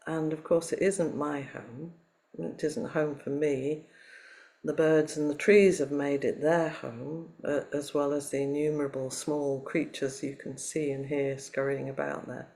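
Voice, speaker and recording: Woman, dharma talk, from Liverpool, no local accent, reflective, gentle, pausing. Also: sits low, flat delivery. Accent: none, not Liverpool; Southern English. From Liverpool, England. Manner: reflective, gentle, with pauses and fillers. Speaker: Zen teacher giving a dharma talk.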